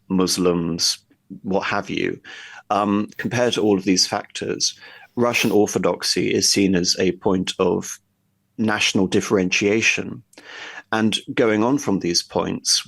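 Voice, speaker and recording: A man discussing history at length in a conversational way, pausing often with fillers and restarts. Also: deep voice, creaky, a bit bright, dry recording. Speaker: guest history commentator.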